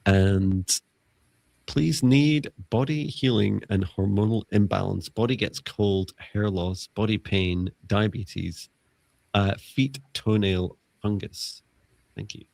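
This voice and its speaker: A man's voice: on the low side, fairly even intonation, takes it slowly, creaky, a little mellow, no echo. A man co-hosting a live spiritual stream, talking casually in a rambling way with lots of fillers and restarts, over a video call. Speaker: psychic mentor and co-host.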